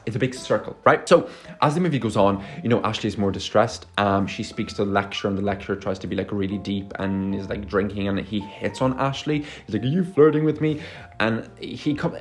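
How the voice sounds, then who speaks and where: A man giving a casual movie review, sarcastic and exasperated, swearing often. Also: fairly low pitch. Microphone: phone.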